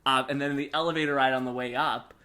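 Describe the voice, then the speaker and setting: Rambling, excited young man talking games. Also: medium pitch, quick pace. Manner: enthusiastic, rambling retelling with many fillers. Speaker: podcast co-host. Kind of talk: casual gaming podcast chat.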